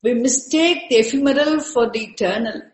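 A woman giving a spiritual lecture, slowly repeating terms and breaking Sanskrit words into parts. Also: fairly high pitch, echoey room, poor audio. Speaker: teacher of Sanskrit scripture. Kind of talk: slow, repetitive spiritual lecture.

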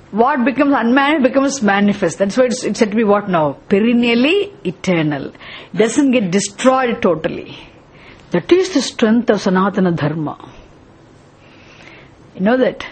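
A woman's voice: medium pitch, slightly rough. A woman teaching a scripture class, explaining terms step by step and often asking the class questions. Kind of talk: scripture lesson.

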